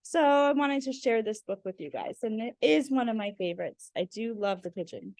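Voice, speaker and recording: A woman's voice: a little high, lively intonation, moderate pace, a little mellow, no room sound, clean studio sound. A woman reading picture books aloud to children, chatting to them between pages. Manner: friendly, addressing kids directly. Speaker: storyteller.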